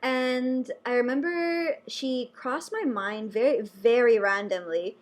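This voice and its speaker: Bright-voiced chatty young woman nurse. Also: fairly high pitch, slow. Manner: animated, chatty, many fillers. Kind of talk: casual personal storytelling to camera.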